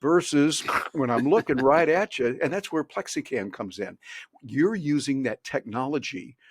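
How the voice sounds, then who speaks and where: Folksy, animated man on a video call. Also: mid-range voice, unhurried, slightly rough, no echo, clean studio sound. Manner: folksy, animated storyteller acting out little dialogues. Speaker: guest speaker. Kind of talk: casual interview chat. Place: home office in Orlando.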